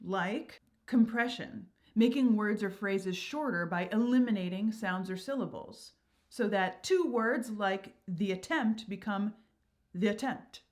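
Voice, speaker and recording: A woman's voice: mid-range voice, a little slow, a little mellow. A woman hosting her own channel, explaining verse and meter in an upbeat, enthusiastic, teacherly way. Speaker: channel host.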